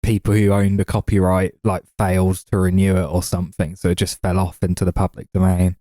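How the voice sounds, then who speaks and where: A man with a low, dark voice giving measured, hesitant verdicts on a movie podcast. He speaks in an even, flat way, and the sound is dry and close. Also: dry recording. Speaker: podcast co-host. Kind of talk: casual movie review chat.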